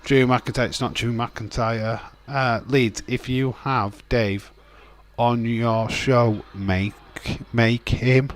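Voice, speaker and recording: A man's voice: medium pitch, fairly even intonation, slow pace. A man hosts a casual wrestling watch-along stream, joking with his chat, reading viewer comments aloud and laughing often. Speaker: livestream host.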